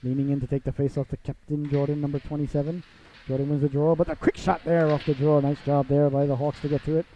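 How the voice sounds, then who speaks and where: A man calling a hockey game live, his voice sitting a bit high. He talks to the listeners in a chatty, showy way and rises into excited calls on big plays. The sound is muffled and lo-fi, like an old broadcast. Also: fast, a little hiss or hum. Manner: chatty and theatrical, calls the audience "ladies and gentlemen". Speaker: play-by-play announcer. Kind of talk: live hockey play-by-play commentary. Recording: dull lo-fi broadcast audio.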